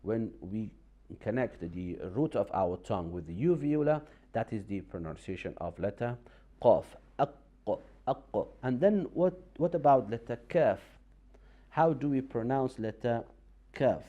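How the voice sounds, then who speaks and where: Mellow-voiced man teaching with halting explanations. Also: mid-range voice, lively intonation, muffled recording. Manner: halting, many fillers and restarts, patient explaining. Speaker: Quran recitation teacher. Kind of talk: TV lesson explaining pronunciation.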